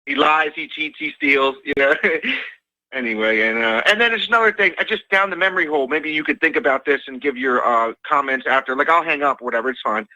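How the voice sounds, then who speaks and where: A man's voice: medium pitch, sharp tone, no room sound. Male caller on a dull phone line. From Delaware. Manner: rambling, halting, laughs between points. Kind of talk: call-in phone conversation. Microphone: telephone.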